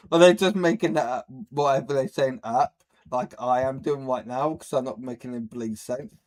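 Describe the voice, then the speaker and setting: Man, streamer, crude rambling reaction commentary, middle pitch. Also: normal speed, a little mellow. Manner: crude, rambling and laughing at his own slips.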